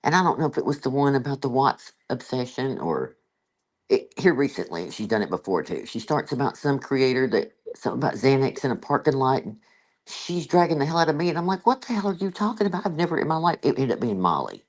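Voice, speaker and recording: A woman's voice: very deep voice, very animated, fairly quick, a little mellow. A woman with a Southern US accent, chatting in casual gossip with emphatic, exclaiming delivery. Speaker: chat participant.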